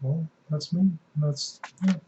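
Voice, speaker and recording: A man's voice: fairly high pitch, slow pace, mellow. A man from the Netherlands, co-hosting a casual couple chat with blunt, dry teasing. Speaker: co-host, husband. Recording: dull lo-fi home video with noise.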